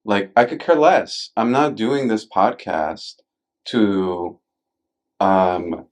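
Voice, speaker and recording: Man, podcast host, casual chat, deep-ish voice, swears, lots of fillers, acts out quotes. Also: takes it slowly. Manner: animated storyteller, acts out quotes in a raised voice; casual and profane, many fillers.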